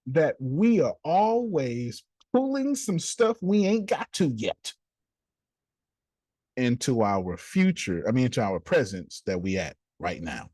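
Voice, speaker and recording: With a mellow, sing-song voice of medium pitch, a man teaches a group slowly, sermonizing playfully and performing little scenes. The recording is dry, and the talk is lively group instruction.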